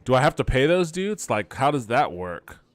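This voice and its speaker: A man's voice: medium pitch, very animated, normal speed, no room sound. A man hosting a podcast, casually commenting on a video game and reading its text aloud with wry asides.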